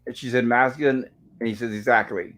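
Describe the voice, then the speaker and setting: A man's voice: medium pitch, fairly even intonation, a little fast, fairly bright tone, low-quality recording. A man hosting a casual online show, recapping an old sitcom episode and reading the characters' lines aloud in a chatty storytelling way. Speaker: host.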